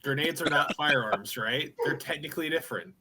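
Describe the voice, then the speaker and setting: A man playing a tabletop game, eagerly pitching tactics to the group. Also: animated, a little fast, noisy background. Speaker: player.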